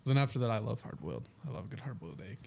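Mellow-voiced guy, keen agreeable co-host type. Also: fairly low pitch, very animated, very fast, gravelly, slightly rough. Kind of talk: casual chat.

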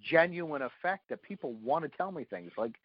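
A man telling anecdotes in a casual, animated way, full of fillers, as an interview guest. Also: on the high side, moderate pace, muffled recording, crowd noise. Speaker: paranormal investigator guest. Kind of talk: casual storytelling.

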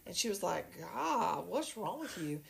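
A woman, a podcast guest, telling a story in a lively, casual way and acting out other people's voices. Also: fairly low pitch, a little slow, creaky. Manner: animated, acts out voices in her story.

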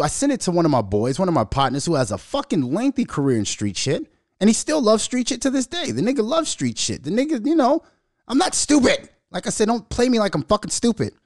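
A young adult man from Minnesota hosting a casual solo podcast, telling a story in a profane, animated way and laughing as he goes. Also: high voice, brisk, dry recording, studio quality. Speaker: podcast host.

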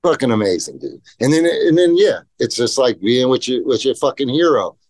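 A middle-aged man and pro skateboarder, telling stories in casual chat, animated and profane, acting out quotes in voices. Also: mid-range voice, brisk, no room sound.

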